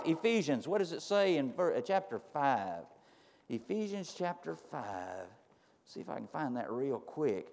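High-pitched guy preaching, folksy and repetitive, gets fired up, church hall reverb. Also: very animated, a little slow, a little mellow. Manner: rising to fervent emphasis, folksy retelling with repeated phrases. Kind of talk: sermon.

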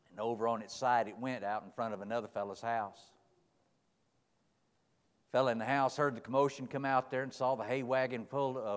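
A middle-aged man preaching a sermon, folksy, telling stories and asking rhetorical questions, moving between quiet and loud. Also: medium pitch, clean tone. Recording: long hall reverb.

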